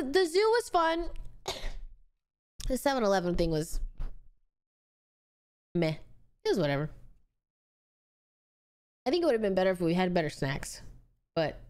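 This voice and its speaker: Lively young woman streamer chatting. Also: on the high side. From United States. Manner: chatty, rambling, reads viewer messages aloud. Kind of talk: casual chat with viewers.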